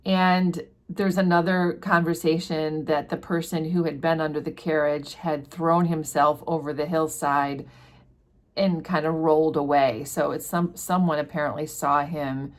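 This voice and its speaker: Chatty woman summarizing a novel. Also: low voice. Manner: chatty, explanatory, with fillers. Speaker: book channel host. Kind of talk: casual chapter summary.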